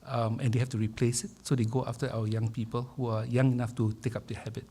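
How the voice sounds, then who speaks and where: A man's voice: mid-range voice, flat delivery, dark tone, husky. Man, event host, formal opening remarks, hesitant. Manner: measured, hesitant with many fillers. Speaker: event host introducing speaker.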